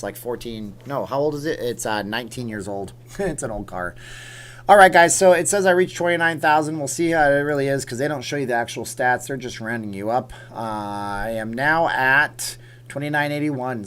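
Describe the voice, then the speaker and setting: A man's voice: mid-range voice, a bit bright, a little hiss or hum. Regular guy chatting on his livestream, reading off names, joking around. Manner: chatty, reads viewer names aloud, jokey. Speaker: livestream host. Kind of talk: casual livestream chat.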